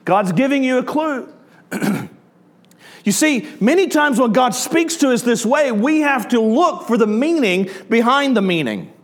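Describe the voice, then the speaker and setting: High-voiced Southern preacher. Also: male voice, lively intonation, a little slow. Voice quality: conversational, asks the audience questions. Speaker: pastor. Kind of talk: sermon.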